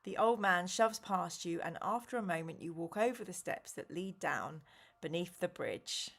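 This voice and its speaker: A woman's voice: on the low side, expressive, normal speed, vocal fry, a bit bright. A woman hosting a live stream, reading an interactive gamebook aloud and reacting animatedly to chat and choices.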